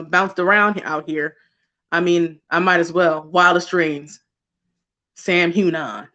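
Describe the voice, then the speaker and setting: A woman's voice: lowish voice, fairly bright tone, muffled recording. A woman hosting a casual livestream, talking directly to the people watching. Her delivery is chatty and gushing, and laughter keeps breaking into her speech. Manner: talks to chat viewers directly. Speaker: livestream host.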